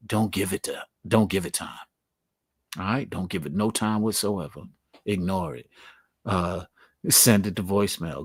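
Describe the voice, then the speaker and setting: A man's voice: on the low side, no echo. Earnest man with a dry voice. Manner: earnest, repeats points for emphasis; casual, slangy. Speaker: host. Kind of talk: motivational talk to viewers.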